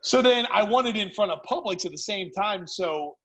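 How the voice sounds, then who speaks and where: A man who founded a food company, a podcast guest telling animated stories in casual chat. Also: sits high, normal speed, poor audio. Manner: animated, lively storyteller. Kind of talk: casual storytelling.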